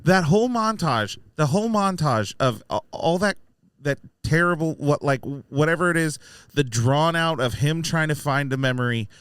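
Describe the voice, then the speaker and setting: A man co-hosting a casual film review podcast, animated, often acting out lines in mocking voices. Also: on the high side, moderate pace, clear, resonant tone, no echo, studio quality. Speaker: podcast co-host.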